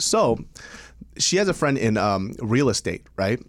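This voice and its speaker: Man, mid pitch, lively intonation, blunt casual talk, dry sound. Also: unhurried, dry recording. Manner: blunt, profane, laughs a lot. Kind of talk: casual chat.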